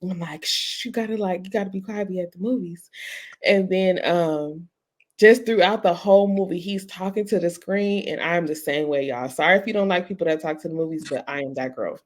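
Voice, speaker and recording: Podcast co-host: woman in her 30s, lively anecdotes. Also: on the low side, fairly quick. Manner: animated storytelling, laughs often. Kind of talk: casual chat.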